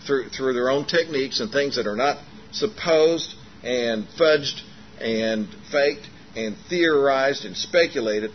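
A man preaches in a folksy, animated way, slipping into the voices of the people in his story. The recording is muffled and lo-fi, with a faint hiss underneath. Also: mid-range voice, slow pace. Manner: folksy, animated retelling with acted dialogue and frequent fillers. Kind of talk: sermon storytelling.

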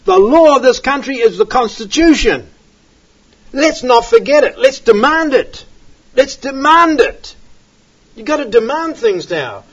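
Husky, emphatic preaching man, lo-fi. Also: very high voice, expressive, normal speed. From outside the United States. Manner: emphatic, repeats key phrases, swings between loud and soft. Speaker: Bible teacher. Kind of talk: preaching a Bible study. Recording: dull lo-fi recording.

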